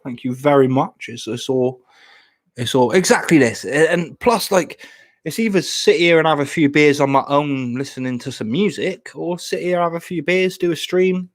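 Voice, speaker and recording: A young man from Plymouth, chatting casually on a live stream at home, often stammering and repeating words. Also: mid-range voice. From Plymouth, England.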